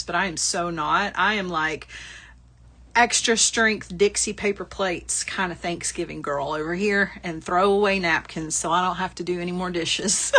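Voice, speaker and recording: A woman's voice: mid-range voice, bright, forceful tone. A middle-aged woman hosting a live craft-shopping stream, chatting casually and laughing often. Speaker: livestream shopping host. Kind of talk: casual live product chat.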